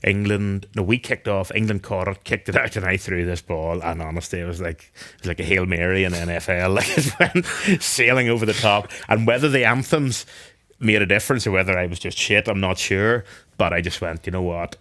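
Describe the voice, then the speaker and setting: A man from Northern Ireland with a low, deep voice and a Northern Irish accent. He answers podcast questions in a thoughtful, unhurried way, often restarting his sentences. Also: fairly even intonation, pushed and bright. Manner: thoughtful, with frequent restarts and fillers. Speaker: guest, retired rugby captain.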